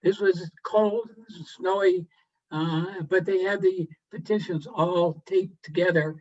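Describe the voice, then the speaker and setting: Male presenter, fairly high voice, easygoing storyteller who pauses with "uh" a lot, muffled video call audio. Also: fairly even intonation. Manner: unhurried, with frequent "uh" pauses and throat clearing. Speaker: guest presenter to a garden club. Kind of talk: relaxed storytelling lecture. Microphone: video call microphone.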